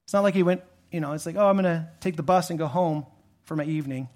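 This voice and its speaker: A male pastor preaching a sermon in a conversational way, rising to emphatic peaks and dropping low again, with frequent restarts. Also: fast, a little mellow.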